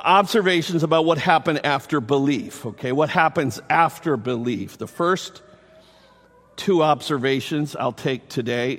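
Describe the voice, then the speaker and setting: A man preaching a sermon, enthusiastic and animated, repeating phrases for emphasis. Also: medium pitch. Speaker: pastor. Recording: long reverb from the hall.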